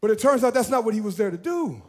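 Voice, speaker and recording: A man preaching as a pastor, animated and playful, talking directly to his church. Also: sits high, quick pace. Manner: animated, playful, talks to the congregation. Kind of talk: lively sermon.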